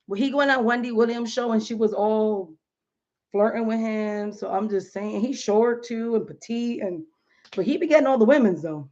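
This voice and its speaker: A chatty woman in her thirties talks casually from home on a live stream, slangy and full of "like" and "you know". Her voice sits a little high. The stream audio is dull and lo-fi. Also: normal speed. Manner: chatty, animated, slangy with many fillers.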